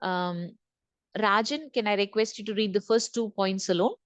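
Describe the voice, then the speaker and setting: A woman's voice: medium pitch, normal speed, clean tone, no echo. A woman trainer leading an online session, repeating key points and asking the group questions. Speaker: corporate trainer. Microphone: video call.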